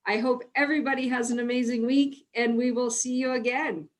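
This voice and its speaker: A woman's voice: fairly high pitch, steady tone, fairly quick. Upbeat woman hosting a webinar. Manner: upbeat and chatty. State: slightly hoarse. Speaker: webinar host. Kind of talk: conversational panel talk.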